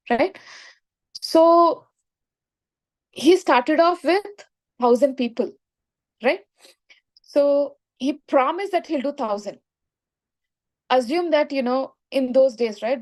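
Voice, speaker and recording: A woman's voice: high voice, a little mellow. A woman telling a moral story in a spiritual lesson, often checking in with "right?". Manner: explanatory, frequent "right?" checks. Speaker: spiritual teacher.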